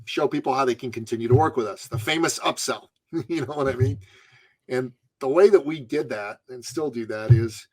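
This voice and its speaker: Animated middle-aged man telling a story. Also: medium pitch. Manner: animated, dramatic storyteller with laughs. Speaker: podcast guest. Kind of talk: storytelling in a podcast interview.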